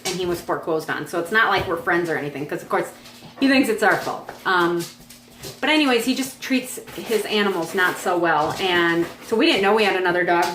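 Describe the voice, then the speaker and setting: A woman's voice: lowish voice, a bit bright, echoey room, slight background noise. A woman in her forties on a farm, chatting in a rambling, casual way with frequent fillers. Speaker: vlog host. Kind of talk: casual chat. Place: home on a farm.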